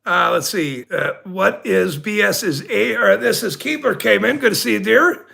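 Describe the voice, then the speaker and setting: High-pitched gravelly man ranting. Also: moderate pace, sharp tone. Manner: indignant, rambling, laughs often. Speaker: livestream host. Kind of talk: casual ranting livestream.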